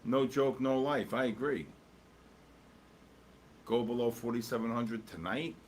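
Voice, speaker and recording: Man at a medium pitch, casual live commentary, rambling and jokey, talks to chat while watching charts, faint background hum. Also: a little slow. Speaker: livestream host.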